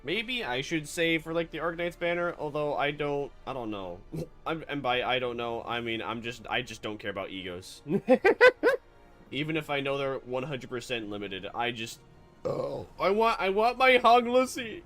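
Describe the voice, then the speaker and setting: Lively, joking male game streamer. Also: mid-range voice, normal speed, soft background music. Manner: animated, joking, sarcastic, laughs often. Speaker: VTuber streamer. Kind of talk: let's-play commentary and reading narration aloud.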